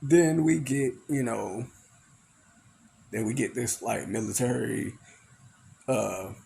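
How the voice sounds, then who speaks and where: A man's voice: mid-range voice, slow, gravelly, dark tone, slight background noise. A man recapping a movie in a casual, rambling way, full of "you know" and "like". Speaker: movie reviewer.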